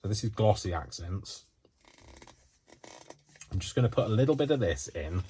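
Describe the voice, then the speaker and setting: A very low-pitched man walks through a craft demonstration in a casual, rambling way, full of fillers and bursts of excitement. He talks from a home craft space with a faint hiss behind him. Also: moderate pace. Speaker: craft channel host.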